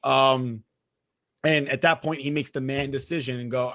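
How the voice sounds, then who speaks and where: A man co-hosting a podcast in casual chat, emphatic and quick to argue, swearing freely. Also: mid-range voice, steady tone, a bit bright. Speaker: podcast co-host.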